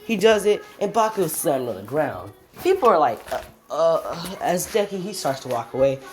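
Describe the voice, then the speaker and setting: A woman's voice: low voice, big pitch swings, brisk. A woman casually improvising a fan story, rambling with restarts and swearing.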